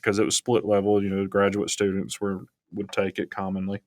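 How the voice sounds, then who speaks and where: Speaking at a normal speed with little pitch movement, a low-voiced man with a Southern Alabama accent tells meandering, chuckle-filled stories as a podcast co-host and professor. The audio is dry and cleanly studio recorded.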